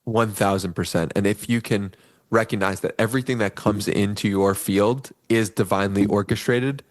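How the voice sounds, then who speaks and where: A man's voice: fairly low pitch, steady tone, moderate pace. A young man guest in a podcast interview, telling personal stories in an earnest way and acting out the voices of people in them. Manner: earnest, acts out quoted voices in his stories. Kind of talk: conversational interview storytelling.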